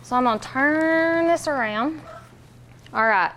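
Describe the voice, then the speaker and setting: A young woman teaching a phonics lesson in a classroom, patient and encouraging, sounding out words slowly. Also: high-pitched, a bit bright, a little hiss or hum.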